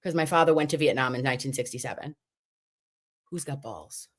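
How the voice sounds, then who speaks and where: A woman in her forties hosting a casual livestream, chatty and animated, acting out the things people said to her. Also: extremely low pitch, a little fast. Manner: animated, chatty, acts out quotes. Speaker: livestream host.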